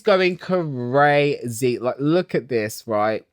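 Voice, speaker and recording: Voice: medium pitch, slow, few pauses, smooth, no echo, studio quality. A vlogger ranting casually and sarcastically through a reality TV recap, opinionated and swearing.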